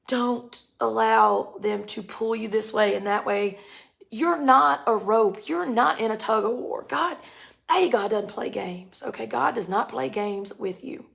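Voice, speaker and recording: A woman in her forties giving a casual spiritual talk in a slangy, animated way, often laughing. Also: fairly high pitch, unhurried, creaky. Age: 40s. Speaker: spiritual speaker.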